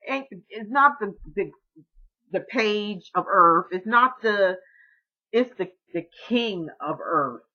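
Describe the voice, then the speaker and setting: A woman doing a tarot reading for her viewers, talking in an excited, encouraging way and repeating herself often. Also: fairly low pitch, muffled recording. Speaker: tarot reader.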